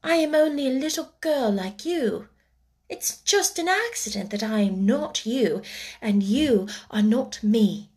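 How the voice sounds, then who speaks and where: A woman reading aloud plays a gentle, well-mannered little girl from a storybook. She talks softly and unhurriedly, raised a little in pitch, with a kind and soothing manner. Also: animated. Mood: tender. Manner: soft, slow, reassuring. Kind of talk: audiobook character voice.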